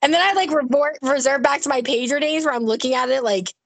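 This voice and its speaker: A woman's voice: sits high, fast, vocal fry. A middle-aged woman co-hosting a podcast in casual chat, talking with lots of "like" fillers and swearing freely. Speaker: podcast co-host.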